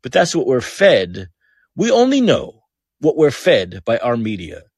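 A male podcast host in full rant mode, blunt and profane, hammering his points by saying them twice. His pitch leaps around with lively swings, and his voice carries a slightly raspy edge. The sound is dry, with no room echo. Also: a little slow. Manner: heated, blunt, swears, repeats phrases for emphasis. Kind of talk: political commentary rant.

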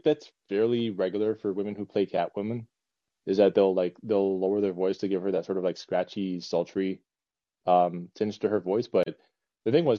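A man's voice: lowish voice, dark tone, no echo, muffled recording. A man co-hosting a casual podcast chat, rambling with many fillers and restarts. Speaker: podcast co-host.

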